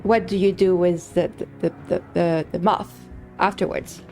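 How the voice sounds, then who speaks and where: A woman's voice: lowish voice, fairly even intonation, moderate pace, darkish tone, faint music behind. A woman streaming a game live, chatting casually and thinking aloud, rambling with many fillers and restarts. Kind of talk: casual live-stream chat while gaming.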